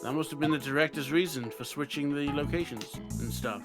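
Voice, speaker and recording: A man's voice: on the high side, fairly quick, over music, close to an everyday voice. A man voicing an inquisitive young male defense attorney in a fan voice-acting read of a game script, with a dry, probing manner.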